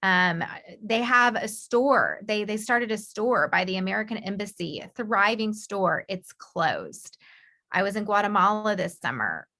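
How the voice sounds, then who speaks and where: A woman founder speaks on a video call panel with impassioned determination. Her voice is bright and sharp, with a gravelly fry running through it. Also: medium pitch, animated, a little slow. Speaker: company founder, panel guest.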